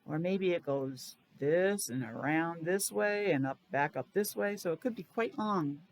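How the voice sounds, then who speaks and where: This teacher's voice is fairly low with lively intonation. Speaking with a Rhode Island accent, she reads a picture book to young children, sounding letters out slowly and repeating words in a sing-song way.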